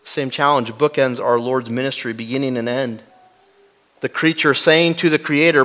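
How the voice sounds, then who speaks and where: A pastor delivers a dramatic sermon in a medium-pitched voice at a moderate pace. He drops from loud to hushed and poses rhetorical questions to the congregation.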